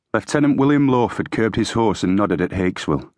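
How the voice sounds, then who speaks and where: A lowish male voice reads scripted audiobook narration at a steady, measured pace. The recording has studio quality and no room sound.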